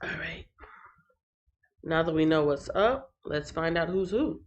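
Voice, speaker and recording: A woman's voice: sits low, animated, measured pace, dull audio, a little hiss or hum. A woman hosting a casual Bible reading livestream from her phone, greeting viewers by name and recapping chapters playfully. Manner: playful, reads chat comments aloud, sings and laughs.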